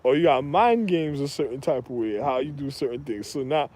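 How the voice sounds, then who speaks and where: A man's voice: mid-range voice, animated, fairly quick, a little mellow. A man telling rambling stories in a casual monologue, laughing through his words and repeating himself. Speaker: storyteller.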